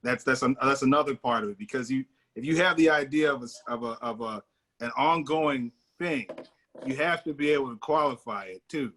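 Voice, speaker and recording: A man's voice: medium pitch, brisk, fairly bright tone. A man leading a casual book discussion, talking thoughtfully with many fillers and restarts. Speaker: discussion leader.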